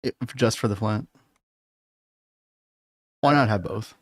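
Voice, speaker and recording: A man's voice: lowish voice, takes it slowly, dry recording, clean studio sound. Chatty man streaming a game. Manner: chatty, laughs often, talks to chat. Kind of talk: casual gaming livestream chat.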